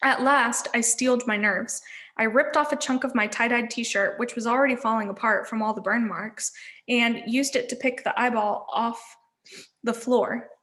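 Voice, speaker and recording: A woman teacher reading a novel aloud to learners, expressive and giving each character a voice. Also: fairly high pitch, moderate pace. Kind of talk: storybook read-aloud.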